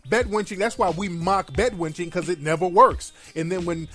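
A man's voice: high voice, steady tone, normal speed, sharp tone, soft background music. A man giving a heated, profane and mocking reaction commentary on video clips.

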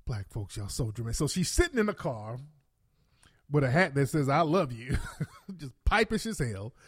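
Animated, cursing man commentator. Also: medium pitch, moderate pace, breathy edge. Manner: animated, profane, laughing asides. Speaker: commentary host. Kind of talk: casual commentary.

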